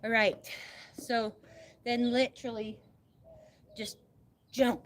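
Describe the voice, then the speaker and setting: A woman's voice: fairly high pitch, level tone, takes it slowly, slight background noise. Breathless, chatty middle-aged woman. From Utah. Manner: rambling, chatty, laughs often. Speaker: livestream host. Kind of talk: casual live-stream chat while exercising. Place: outdoors, walking.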